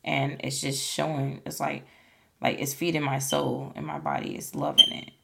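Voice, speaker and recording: A woman's voice: deep voice, little pitch movement, normal speed, vocal fry, sharp tone, husky. A woman hosting a podcast, talking in a casual, earnest and encouraging way, full of "like" and "you know". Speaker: podcast host. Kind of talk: casual motivational monologue.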